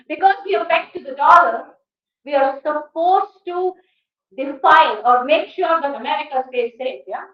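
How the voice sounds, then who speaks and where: A woman with an Indian English accent giving a guest lecture at a college, firing rhetorical questions at the class in an emphatic, animated way. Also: high voice. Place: lecture hall. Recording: echoey hall, distant dull mic.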